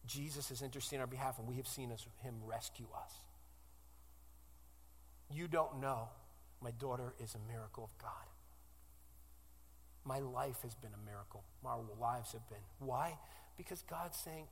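A man in his forties preaching a sermon as pastor, moving from loud declarations to hushed pleas. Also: medium pitch, animated, moderate pace, husky, long reverb tail. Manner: impassioned, swinging from loud declarations to hushed, tearful-sounding pleas.

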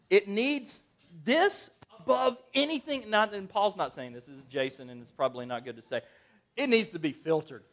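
Male pastor, thirties, high-pitched, casual and conversational sermon style. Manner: conversational and animated, asks the congregation questions.

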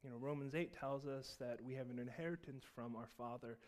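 A man preaching a Christmas sermon, telling a personal story and swinging between loud emphatic peaks and soft, low asides. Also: fairly quick. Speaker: pastor.

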